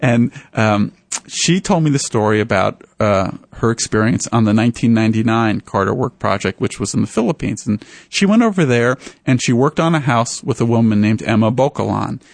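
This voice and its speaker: A man, an author, telling stories in an interview in an animated way. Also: fairly quick, vocal fry, no room sound. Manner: animated, voices the people in his stories with raised pitch. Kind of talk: storytelling in a radio interview.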